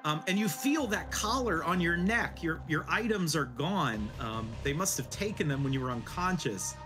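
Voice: mid-range voice, animated, moderate pace. A game master narrating a tabletop game casually, with filler words. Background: music.

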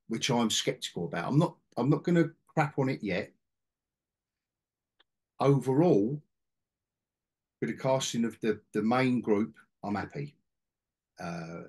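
A man's voice: mid-range voice, a little mellow, husky. A middle-aged man hosting a casual podcast chat about comics, rambling with restarts and asides. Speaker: podcast host, comic collector.

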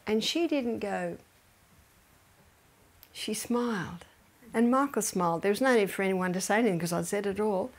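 A middle-aged woman speaking to a seminar audience, mixing health teaching with scripture. Her voice sits at an ordinary pitch. She tells stories with animation and laughter, then sinks to a near-whisper to drive points home. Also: brisk. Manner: lively storytelling, laughs often, drops to a soft whisper for emphasis. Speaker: health educator. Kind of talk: seminar talk with Bible teaching.

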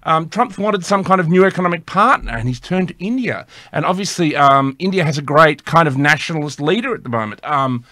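Bright-voiced man rambling through commentary. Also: fairly high pitch, animated, brisk, hardly any pauses, dry recording. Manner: rambling, with many fillers and tongue-in-cheek asides. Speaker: host. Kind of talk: casual political commentary.

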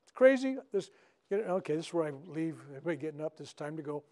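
Here a man's voice, a little high and dark in tone, moves at a quick pace with lively intonation. He's an older minister running a workshop for a live audience in a spiritual center meeting room, telling stories casually and frequently asking "right?"

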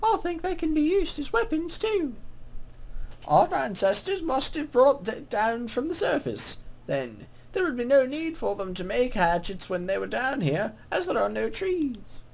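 A man voicing a young female cave goblin in a high falsetto with a deliberately bad mock British accent. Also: big pitch swings, creaky, full character voice. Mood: chirpy. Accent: mock British, done badly. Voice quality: high, sing-song falsetto.

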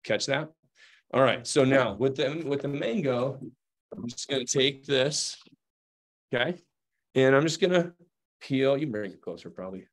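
A man's voice: medium pitch, expressive, normal speed, long pauses. A man giving a hands-on cooking demonstration, chatty and playful, often checking in with his audience. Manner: playful asides while demonstrating. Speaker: knife demonstrator.

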